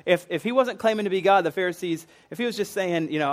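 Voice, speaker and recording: A man's voice: high-pitched, quick pace, few pauses. A man preaching a conversational sermon, explaining loosely with fillers and restarts. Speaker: pastor teaching a series.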